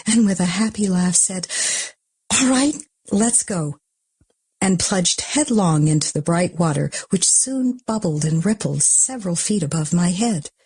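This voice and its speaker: A woman reads an audiobook in a husky, breathy voice, dropping often into a half-whisper. Her tone is mellow and low-pitched, and the sound is dry and close. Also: expressive, normal speed, hardly any pauses, no echo. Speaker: audiobook narrator. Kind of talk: audiobook reading.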